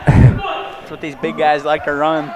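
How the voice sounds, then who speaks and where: A man's voice: on the high side, big pitch swings, a little slow, a crowd in the background. Wry young man on color commentary. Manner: wry, joking, drawling complaints. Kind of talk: casual live sports commentary.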